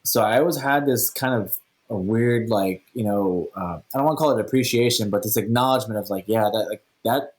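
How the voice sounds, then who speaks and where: Low-voiced man telling animated stories. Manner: animated, acts out dialogue. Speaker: podcast guest. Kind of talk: casual storytelling.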